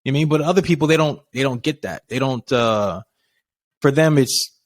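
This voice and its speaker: A passionate man co-hosting a podcast talks in a lively, animated flow, his voice climbing whenever a point excites him. The sound is close and dry, with almost no room around it. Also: mid-range voice, a little fast, dry recording. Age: adult with a child. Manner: animated, passionate, gets loud. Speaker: podcast co-host. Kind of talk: casual chat.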